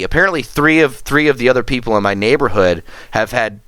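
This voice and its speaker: A man's voice: medium pitch, quick pace, clear, resonant tone, no room sound. A man hosting a podcast, telling a story in casual chat, swearing a lot and acting out what people said. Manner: profane, animated storytelling, acting out quotes. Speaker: podcast host.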